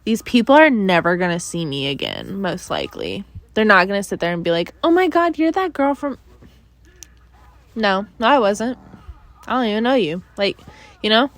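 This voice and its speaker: A woman's voice: medium pitch, very animated, brisk, a bit bright, no room sound. A young woman hosting her own podcast, rambling through the week's news in casual chat with many fillers and sighs, bothered by allergies. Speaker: podcast host.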